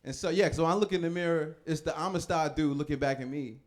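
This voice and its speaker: A man in his thirties doing a stand-up comedy set, telling loose, laughing stories and switching quickly into other people's voices. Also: fairly high pitch.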